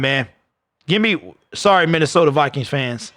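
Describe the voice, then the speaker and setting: A man's voice: a little high, moderate pace, fairly bright tone, no echo. A man hosting a live football watch party stream, chatting casually and joking with viewers. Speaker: sports watch party host.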